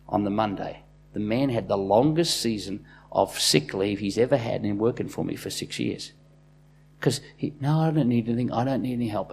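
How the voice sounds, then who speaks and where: A man preaching a sermon as a pastor, swinging between loud, impassioned bursts and quiet, intimate asides. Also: fairly low pitch, gravelly, a little hiss or hum.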